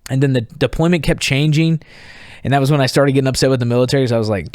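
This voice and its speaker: A man in his thirties, a veteran guest on a podcast, telling his story casually and candidly, swearing freely and acting out what others shouted. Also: mid-range voice, fairly even intonation, quick pace, no room sound, studio quality.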